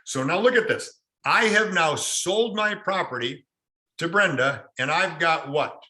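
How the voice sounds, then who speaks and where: A man's voice: a little high, expressive, a little slow, sharp tone. A man teaching a real estate class online, explaining through stories and quizzing students in chat. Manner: storytelling, quotes people in acted asides, quizzes the class.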